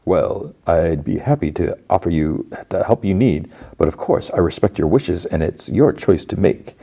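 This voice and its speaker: A man voicing an older male tech mogul who speaks in a measured, courteous way. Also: deep voice, expressive, vocal fry, dark tone, heavily acted. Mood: calm helpful.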